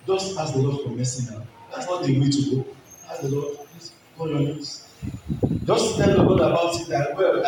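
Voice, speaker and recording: Pleading preacher in an echoey hall. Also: male voice, medium pitch. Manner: pleading, repetitive exhortation. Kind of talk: altar-call sermon. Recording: very echoey hall, distant mic, noisy.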